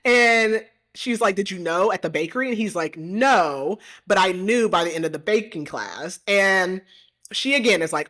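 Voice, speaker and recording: A woman podcast host giving a casual, animated book recap, full of "like" fillers. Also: medium pitch, moderate pace. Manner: animated retelling with frequent "like" fillers.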